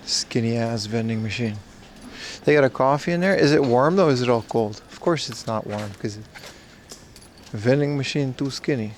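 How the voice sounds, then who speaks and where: A man hosts a laid-back livestream outdoors on city streets, joking around and answering viewers' questions aloud. His voice sits at an ordinary middle pitch. Faint traffic and street ambience run underneath. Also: moderate pace. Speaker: livestream host. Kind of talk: casual IRL livestream chat.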